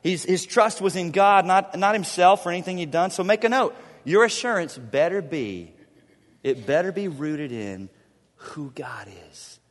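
High-voiced man preaching in echoing hall. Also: animated, measured pace. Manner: emphatic, repeats key lines, swings between loud stress and hushed drops. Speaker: pastor. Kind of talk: sermon. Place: church sanctuary.

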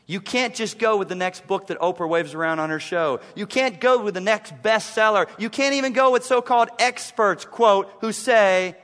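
A male pastor preaching a sermon in a church, emphatic, repeating key lines and dropping to a low, intense hush. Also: moderate pace, few pauses, big-room sound. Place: church sanctuary.

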